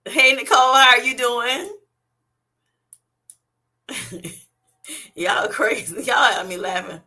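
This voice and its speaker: Livestreaming on her phone from work, this host reads out comments from viewers, often laughing and teasing them in fun. Her voice is fairly high, slow and bright, with a forceful tone.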